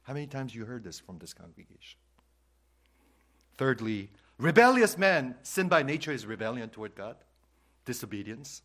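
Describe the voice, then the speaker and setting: A male pastor preaches a sermon with a medium-pitched, sing-song voice at a moderate pace. He swings between loud, emphatic lines and hushed whispers, repeating key phrases for emphasis.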